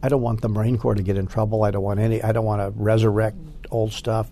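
An older man, a former Marine recruit, recalling boot camp in an interview with halting speech and many restarts. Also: on the low side, little pitch movement, warm tone, a little hiss or hum. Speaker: Marine Corps veteran interviewee. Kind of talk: oral history interview.

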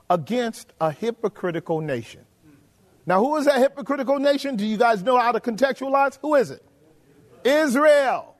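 A man preaching a sermon, emphatic and full of rhetorical questions to his congregation, drawing out key phrases slowly. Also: sits high. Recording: long hall reverb.

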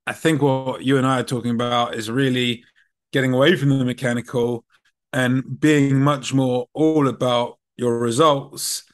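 A man's voice: medium pitch, steady tone, moderate pace. A man hosting a casual podcast conversation, reflecting on his guest's point with lots of fillers. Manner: reflective, affirming, many fillers. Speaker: podcast host.

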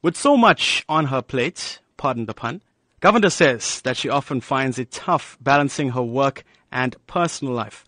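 A man narrating a scripted radio news feature in an even, polished delivery. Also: medium pitch, moderate pace, no room sound.

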